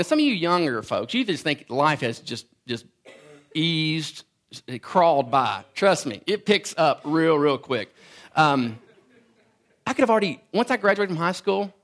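Gravelly man preaching conversationally. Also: sits high, fairly bright tone. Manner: conversational, self-deprecating storytelling with stammered restarts. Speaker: pastor. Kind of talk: sermon.

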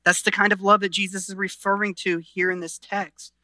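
Bright, forceful preaching man. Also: high-pitched, little pitch movement, fairly quick, no room sound. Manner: earnest, shifts between loud emphasis and quiet intensity, frequent restarts. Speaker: pastor. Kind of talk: sermon.

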